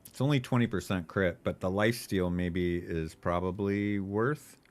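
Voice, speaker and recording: A man live-streaming a video game, thinking aloud in a relaxed, casual way and swearing now and then. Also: sits low, normal speed.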